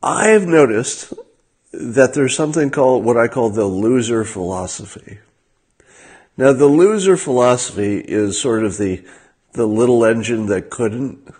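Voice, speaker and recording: A man hosting a livestream, talking in a casual monologue with a dry, sardonic manner and frequent halting fillers. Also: mid-range voice, lively intonation, a little mellow. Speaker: livestream host.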